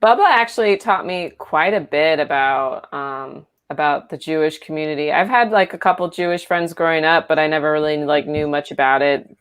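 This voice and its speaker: A woman's voice: deep voice, normal speed, clean tone. A woman co-hosting a comedy podcast, chatting casually in a rambling way with many fillers. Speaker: podcast co-host.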